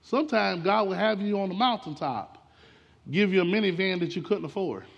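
A man delivers a storytelling sermon from the pulpit, his voice pitched high with a gravelly edge. He addresses the congregation directly, speeding up and slowing down for effect. The sound carries a long church reverb. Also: lo-fi sound. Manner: animated storytelling with sudden swings in pace and loudness. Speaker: preacher. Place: church sanctuary.

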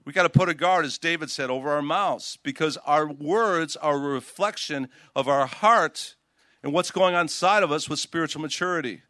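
Bright-voiced older pastor preaching. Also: male voice, on the high side, moderate pace, dry recording. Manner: animated preaching, reading scripture aloud with emphasis. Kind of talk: sermon. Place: outdoors.

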